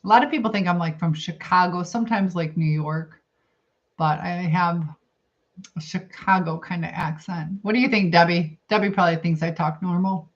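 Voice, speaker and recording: A woman's voice: fairly low pitch, normal speed. Chatty middle-aged woman, lo-fi stream audio. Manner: chatty, rambling, thinks aloud while eating. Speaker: livestream host. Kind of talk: casual live chat reading comments.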